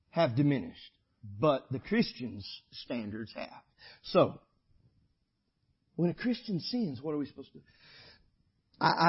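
A man preaching a sermon, shifting from loud exhortation to quiet storytelling. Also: on the high side, slightly rough, lo-fi sound. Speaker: pastor.

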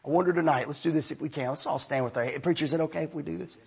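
Gravelly preacher, high husky voice. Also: male voice, rapid-fire. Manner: storytelling preacher, rising to shouts and dropping to hushed prayer. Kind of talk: sermon.

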